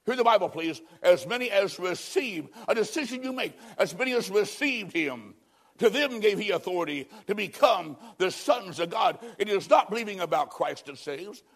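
A male preacher with a high voice delivers a fiery sermon. He swings from loud declarations to quiet, drawn-out phrases, slowing down to press his points home. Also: lively intonation, breathy edge. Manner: dramatic preaching with big swings between loud and hushed.

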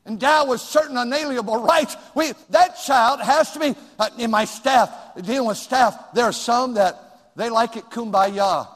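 An older man preaching a sermon as pastor, swinging from shouted points down to hushed asides. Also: extremely high pitch, normal speed. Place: church sanctuary. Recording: long reverb in a large room.

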